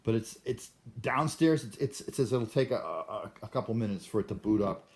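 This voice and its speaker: Older man, lowish voice, rambling solo vlog, stammers and restarts. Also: expressive, normal speed, a little mellow. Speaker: vlogger. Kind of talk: rambling monologue.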